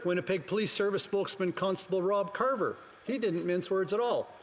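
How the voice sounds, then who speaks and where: A man giving a formal parliamentary speech, firm and pointed, with rhetorical questions. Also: high-pitched. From Canada. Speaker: member of parliament. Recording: long reverb from a large chamber, faint background noise.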